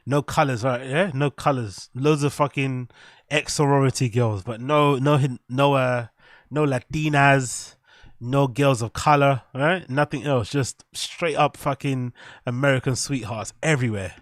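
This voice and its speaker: An English man hosting a casual live reaction stream, joking crudely and shouting out viewers in chat. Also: medium pitch, measured pace, no room sound, studio quality.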